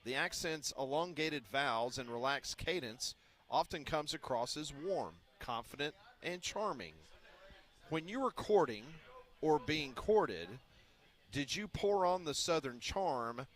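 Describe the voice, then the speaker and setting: A man hosting a live sports radio show, reading out listener questions in a brisk announcer manner. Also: on the high side, animated, fairly bright tone. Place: live broadcast from a restaurant.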